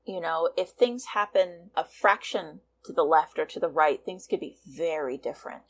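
A woman fanfiction writer talking as a guest in a casual interview, animated and laughing often. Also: low voice, normal speed, a little hiss or hum.

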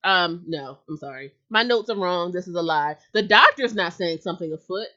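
On a casual podcast she co-hosts, a woman talks in a lowish, animated voice at a moderate pace, sounding pushed and bright over lo-fi audio. She's chatty and giggly, packing her speech with filler words, especially "like."

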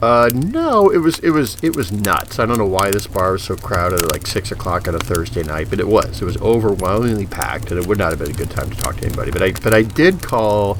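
A low-voiced man tells a story in a lively, animated way, jumping up and down in pitch as he acts out the voices of other people. A steady noise sits behind his voice. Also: brisk, hardly any pauses. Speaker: guest telling a story. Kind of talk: casual storytelling.

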